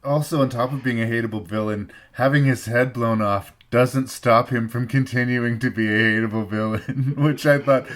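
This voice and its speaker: A man from Canada hosting a podcast, giving a thoughtful, measured film review in casual chat and repeating phrases for emphasis. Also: medium pitch, fairly even intonation, a bit bright. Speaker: podcast host.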